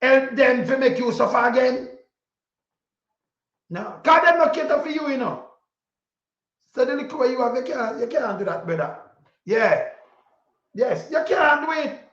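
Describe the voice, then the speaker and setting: A Jamaican man with a strikingly high voice delivers fired-up political commentary in patois, hammering his points again and again. The sound is roomy and dull, like a lo-fi home recording. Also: a little slow, long pauses. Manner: preachy and repetitive, speaking in patois, sometimes shouting. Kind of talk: impassioned spoken commentary.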